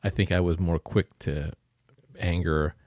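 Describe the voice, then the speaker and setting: An older man hosting as a therapist, calm and attentive, with short affirmations. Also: low-pitched, unhurried, dry recording, clean studio sound. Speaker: therapist host. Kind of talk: conversational interview.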